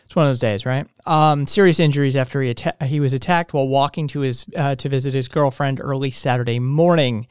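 A man's voice: medium pitch, fairly even intonation, fairly quick, few pauses, smooth, dry recording, clean studio sound. Tired, meandering male podcast host. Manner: meandering, frequent fillers and restarts, swears casually. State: tired, yawning. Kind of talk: casual rambling monologue.

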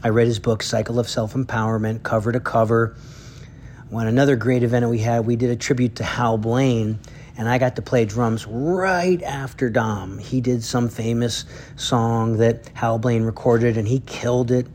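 A man's voice: mid-range voice, steady tone, moderate pace, darkish tone, a little hiss or hum. A man, a drummer and educator, telling heartfelt stories in a spoken tribute. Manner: earnest storytelling.

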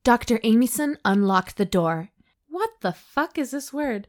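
A woman's voice: fairly high pitch, animated, measured pace. Woman reading a cheeky story aloud. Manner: reads with mock drama, stops to joke and laugh. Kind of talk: comedic reading of an erotic story.

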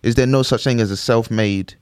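A man's voice: medium pitch, fairly even intonation, a little fast, clear, resonant tone, no echo. A young man hosts a casual podcast with a mid-range voice, rambling through his points and checking in with his listeners. The sound is close and dry. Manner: chatty, rambling, repeats 'do you know what I mean'. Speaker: podcast host.

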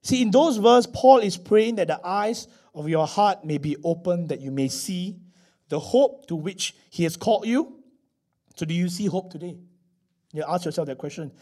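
A man preaching a sermon, swinging from loud emphasis to quiet asides and acting out little scenes. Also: high voice, moderate pace. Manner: animated, acts out little scenes with voices. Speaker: pastor.

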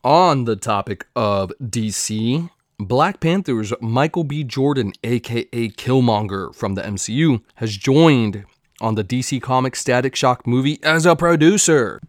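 A man's voice: mid-range voice, animated, unhurried, dry recording, studio quality. A man hosting a solo podcast in a casual chat, loose and profane, with jokey asides. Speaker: podcast host. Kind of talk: casual solo podcast chat about comics and film news.

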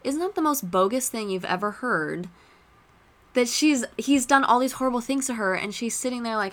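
A woman hosting a podcast, chatting casually and retelling movie scenes with lively asides. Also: fairly high pitch, moderate pace. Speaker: podcast host.

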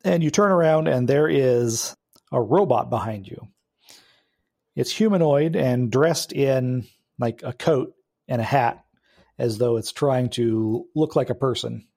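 A man runs a tabletop game in a relaxed, rambling way, full of small hesitations. His voice is mellow and warm at a middle pitch. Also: unhurried, creaky. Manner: relaxed, hesitant narration with many fillers. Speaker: game master.

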